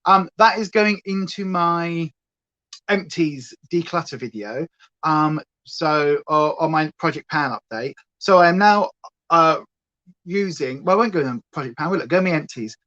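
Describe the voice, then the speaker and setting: A woman's voice: deep voice, measured pace, fairly bright tone, lo-fi sound. Chatty British woman, rambling. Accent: British English. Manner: chatty, goes off on tangents. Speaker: livestream host. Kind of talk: rambling casual chat. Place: at home.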